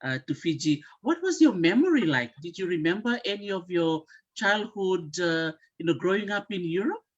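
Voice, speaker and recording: A woman hosting an interview asks measured questions, pausing on her fillers. The sound is dull and lo-fi, as though the mic lacks top end. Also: lowish voice, animated. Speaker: interview host.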